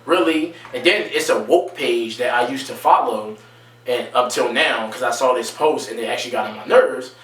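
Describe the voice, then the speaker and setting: Man, vlog rant, emphatic and repetitive, medium pitch, roomy off-mic sound. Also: normal speed, a bit bright, far from the mic. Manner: emphatic, repetitive, rising to raised pitch when stressing points. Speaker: video creator. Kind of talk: impassioned monologue to camera.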